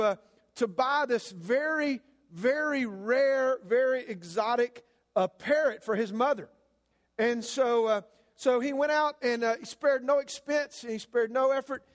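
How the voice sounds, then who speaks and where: Very high-pitched and a bit slow, this guest pastor from the American South tells a funny story during his sermon in a folksy style packed with fillers. His voice rings with the long reverb of the church sanctuary.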